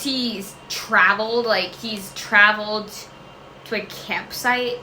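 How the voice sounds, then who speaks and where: A woman's voice: mid-range voice, fairly even intonation, takes it slowly, bright, forceful tone. A woman vlogger answering viewer questions in casual chat, rambling, often trailing off with fillers and "I don't know". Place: home room. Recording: echoey room with faint noise.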